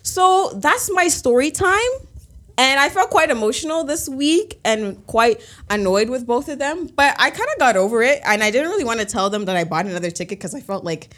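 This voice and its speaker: Animated woman telling a story, higher-pitched. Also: moderate pace. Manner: animated, emphatic, with frequent fillers; swings between excited highs and low, quiet asides. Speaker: podcast co-host. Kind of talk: casual storytelling chat.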